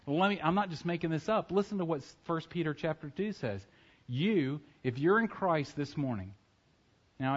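A man preaching a sermon in church, talking casually and joking with the congregation, now and then breaking into loud acted shouts. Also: medium pitch, dull audio. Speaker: pastor. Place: church sanctuary.

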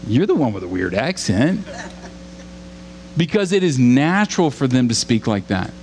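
A man's voice: medium pitch, big pitch swings, moderate pace, darkish tone. A man from Louisiana preaching a sermon, earnest and questioning the congregation, building to emphatic repetition. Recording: long hall reverb with faint hum.

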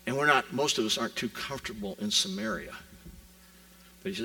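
Bright-voiced man preaching a sermon. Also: mid-range voice, expressive, fast, vocal fry, far from the mic, low-quality recording. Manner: conversational preaching with rhetorical questions and acted-out quotes. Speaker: pastor.

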